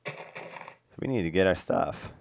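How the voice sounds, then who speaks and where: A young man casually commentating his own game play, excitable and swearing, cooing baby talk at the animals. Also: deep voice, normal speed, gravelly, slight background noise. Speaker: gaming video host.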